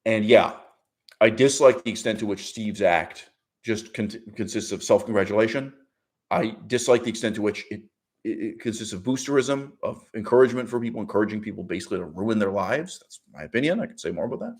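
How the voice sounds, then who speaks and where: A man hosting his own channel, delivering an opinionated monologue with emphatic stresses, frequent restarts and short laughs. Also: a little fast. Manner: argumentative, emphatic, with sudden pitch jumps and mock quotes; restarts and fillers, laughs while speaking. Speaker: channel host.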